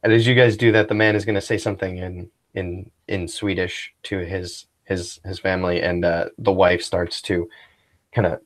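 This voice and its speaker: A man's voice: low voice, level tone, moderate pace. A man narrating as game master of a tabletop role-playing game, rambling and descriptive. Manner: rambling, full of fillers and restarts.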